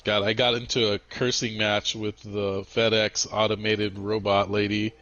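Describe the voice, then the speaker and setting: A man chatting casually while gaming with friends, swearing often and telling stories in an animated way. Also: on the low side, a little slow, no echo, muffled recording. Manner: profane, animated storytelling. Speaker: gamer playing with friends.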